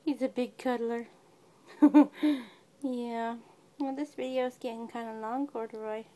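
A woman's voice: on the high side, steady tone, unhurried, dark tone. A woman who breeds cats, chatting casually in a home video and slipping into baby talk with her kitten. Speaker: cat breeder. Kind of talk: casual pet video chat.

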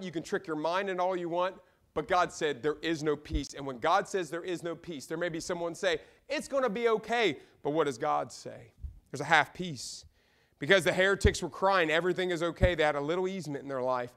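A man preaching a sermon in a church, fervent, swinging between loud outbursts and quiet asides. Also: high-pitched. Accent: Midwestern American. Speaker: pastor. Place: church sanctuary.

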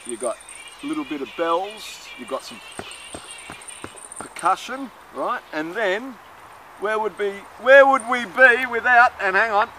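A man rambling and chanting an improvised song, swinging between muttering and loud outbursts. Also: high-pitched, lively intonation, a little slow. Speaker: performer in an experimental film. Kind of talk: rambling improvised monologue and singing. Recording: outdoor recording with clear street noise.

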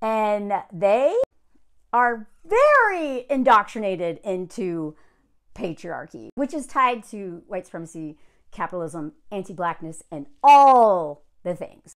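A woman's voice: mid-range voice, sing-song, slow. A young woman from the American South giving a blunt, sarcastic rant as a video creator. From Southern United States. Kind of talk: ranting commentary.

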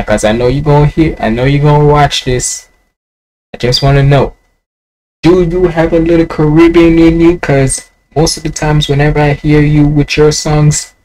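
A man's voice: mid-range voice, slight background noise, rough recording. Chatty Jamaican man reacting to music. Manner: chatty, rambling, musing aloud. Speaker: reaction video host. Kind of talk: casual reaction commentary.

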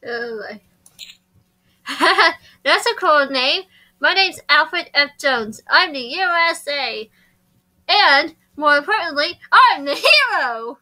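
A woman's voice: sits high, lively intonation, slow pace, sharp tone, exaggerated voice, low-quality recording. A woman voicing a brash, boastful young male hero in a dating game, laughing as she goes. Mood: cocky.

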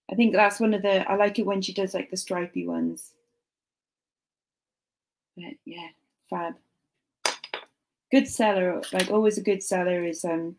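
Young woman, live-stream chat, unhurried, soft muttered asides, faint background noise. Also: mid-range voice. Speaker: jewellery reseller streaming live. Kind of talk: casual live-stream chat while sorting.

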